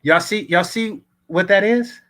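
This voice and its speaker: Picture a man with a bright, forceful voice pitched a little high, talking through clips as a reaction host. He's sarcastic and exasperated, mocking what he hears in loose, casual commentary. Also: measured pace.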